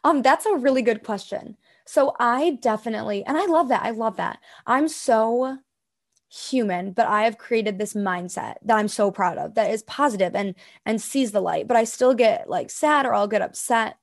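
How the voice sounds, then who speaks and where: A young woman as an interview guest, talking in a bubbly, casual way and filling her speech with "like". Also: a little high. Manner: bubbly, fast, lots of "like".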